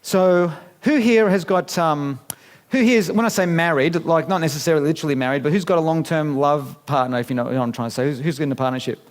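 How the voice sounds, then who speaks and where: A man's voice: fairly high pitch, quick pace. A man, giving a chatty, playful seminar talk to a live audience in a conference room and asking them questions. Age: 50s. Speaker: business speaker.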